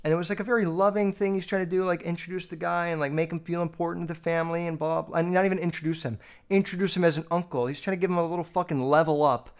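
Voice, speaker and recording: A man's voice: fairly high pitch, steady tone, racing, hardly any pauses, clear, resonant tone. Foul-mouthed chatty male podcaster. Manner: swears constantly, lots of fillers. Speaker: podcast host. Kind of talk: casual storytelling.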